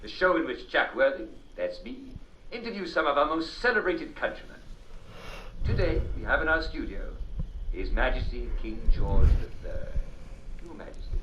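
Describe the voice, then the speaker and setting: A smarmy English TV host. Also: male voice, medium pitch, very animated, normal speed, fairly bright tone, slight background noise. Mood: showy. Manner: showy, chuckling TV patter. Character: smarmy male TV chat host, upbeat and showy. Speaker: talk show host. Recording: roomy, distant, dull game audio.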